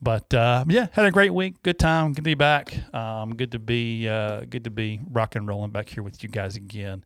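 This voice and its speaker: A man with a drawl spins a folksy story in casual show chat, his voice bouncing between excited highs and low asides. The sound is close and dry, with no room around it. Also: moderate pace, dry recording. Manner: folksy, animated storyteller with Southern phrasing. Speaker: radio show regular.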